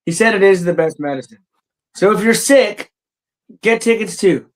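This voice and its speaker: A man's voice: sits high, moderate pace, poor audio. A man hosting a comedy podcast, talking loosely and repeating himself as he goes. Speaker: podcast host. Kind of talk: casual comedy podcast banter.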